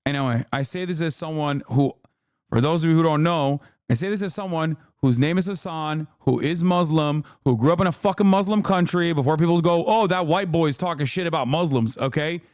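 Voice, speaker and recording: A man's voice: fairly high pitch, a little fast, a little mellow, clear, resonant tone, no echo, studio quality. A man streaming a reaction, ranting angrily and profanely with mocking impressions. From Turkey. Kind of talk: profane heated commentary.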